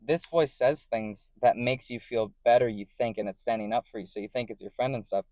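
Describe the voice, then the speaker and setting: A man talks straight to camera in a loose vlog monologue. His voice sits in a middle pitch, recorded dry and close. He rambles, restarts his phrasing and keeps checking that the listener is following. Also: brisk, darkish tone, no echo. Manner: rambling and self-correcting, often checking in with "right?". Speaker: vlogger. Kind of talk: casual explanatory monologue.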